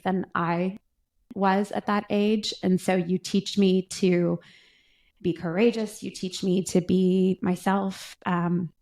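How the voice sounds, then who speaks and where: A woman's voice: on the low side, vocal fry, darkish tone. A woman in her forties, a podcast co-host, speaking in casual chat about her son, heartfelt and emotional. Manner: heartfelt, emotional, slow and searching. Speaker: podcast co-host, guest's mother.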